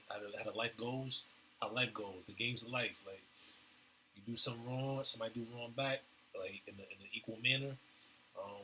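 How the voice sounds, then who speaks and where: A man rambling through a casual stream-of-consciousness monologue, halting often with fillers and restarts in slangy everyday talk. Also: medium pitch, pushed and bright, slight background noise, low-quality recording. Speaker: vlogger.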